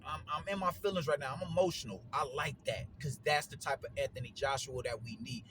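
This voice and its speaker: A man giving casual solo commentary on boxing, slangy and animated, repeating himself and leaning on fillers. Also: fairly high pitch, fairly quick, background noise.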